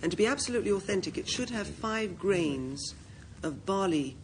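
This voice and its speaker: A woman on a word game panel giving a brisk, confident, detailed definition. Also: mid-range voice, lively intonation, a little hiss or hum, rough recording.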